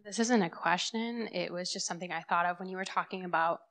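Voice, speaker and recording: A woman's voice: on the low side, quick pace, fairly bright tone. A young woman, a mother, sharing a thought in a church group, hesitant and full of "like". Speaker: congregation member.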